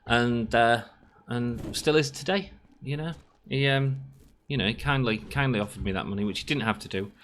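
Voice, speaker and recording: A man's voice: medium pitch, moderate pace, a bit bright, slight background noise. A man in his late thirties, a gaming channel host telling a long rambling story while he plays, acting out both sides of the quoted dialogue. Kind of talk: casual storytelling while playing a game.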